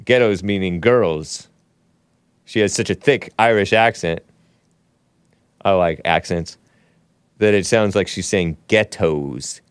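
A man's voice: sits low, slow pace, long pauses, smooth, dry recording. A man hosting a talk show, giving rambling, sarcastic commentary between clips and laughing at his own asides. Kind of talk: casual commentary playing clips.

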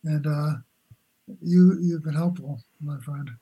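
An older man, a philosopher guest on a remote call, talking in halting, searching sentences with many restarts. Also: on the high side, steady tone, warm tone, low-quality recording. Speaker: guest, philosopher and boxing coach. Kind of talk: conversational interview.

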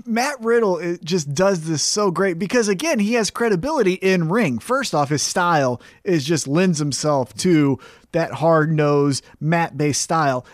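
A man co-hosting a podcast, chatting casually about wrestling in an excitable, profane, rambling way. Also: on the high side, no room sound, clean studio sound. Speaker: podcast co-host.

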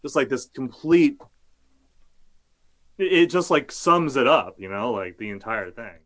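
A man's voice: medium pitch, lively intonation, a little slow, fairly bright tone. A male journalist talking casually as an interview guest, rambling with many fillers and restarts, and cursing now and then.

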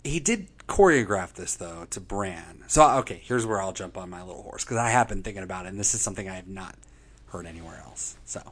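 A man's voice: deep voice, fairly quick. A man chatting casually and profanely as a podcast co-host, recapping a TV episode and acting out quotes in funny voices. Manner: animated, profane, acts out quotes.

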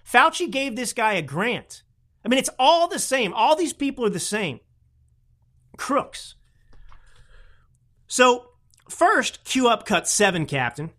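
Combative male podcast host, mocking tone, very animated delivery. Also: very high voice, normal speed. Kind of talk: opinionated political commentary.

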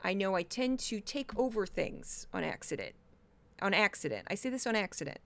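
A woman hosting her own podcast, chatting loudly and fast, and she calls herself loud and talkative. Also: medium pitch, expressive, vocal fry. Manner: loud, fast, chatty, self-described obnoxious. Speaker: podcast host. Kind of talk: solo commentary podcast.

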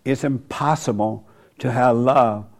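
A man's voice: medium pitch, measured pace, vocal fry. A man hosting a casual, preachy monologue, rambling and colloquial, often laughing at his own remarks.

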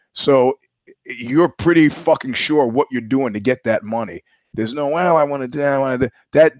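A man's voice: mid-range voice, no room sound, muffled recording. A man hosting a podcast, telling a long, digressive story with profanity, chuckling as he goes. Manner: digressive, profane, laughs mid-sentence. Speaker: podcast host. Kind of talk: rambling storytelling monologue.

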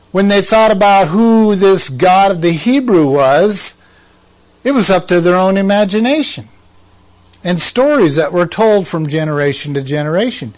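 A man giving conversational Bible teaching, asking rhetorical questions and making asides to his listeners. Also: high voice.

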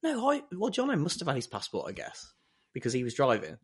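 Man telling an animated story. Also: medium pitch, fast, husky. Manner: animated storyteller who acts out other people's lines. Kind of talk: casual storytelling chat.

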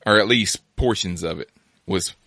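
A man's voice: low voice, moderate pace, bright, forceful tone, dry recording, clean studio sound. A man hosting a casual chat, rambling through asides and laughing easily.

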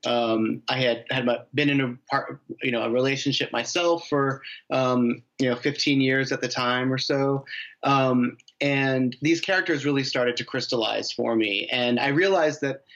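A man's voice: medium pitch, fairly even intonation, moderate pace, a bit bright, lo-fi sound. A man, a novelist from the United States, answering interview questions in a rambling way, with many restarts and fillers. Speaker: novelist guest.

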